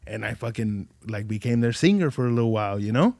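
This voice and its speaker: A man's voice: lowish voice, expressive, quick pace, gravelly, a little mellow, no room sound, clean studio sound. A man as a podcast guest telling stories in casual chat, swearing a lot, rambling, and acting out the voices of people he quotes.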